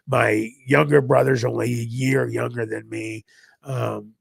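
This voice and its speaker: Gravelly man telling a story. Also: medium pitch, measured pace, no room sound. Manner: animated storytelling, acting out others in raised voices. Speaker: podcast guest. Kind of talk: recounting a personal story.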